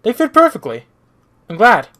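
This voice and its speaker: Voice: medium pitch, wildly swooping pitch, normal speed, pushed and bright, pitched above the performer's own voice. A streamer voicing a cheerful, kind young female android girl while reading a visual novel aloud, eager and sweet. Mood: friendly.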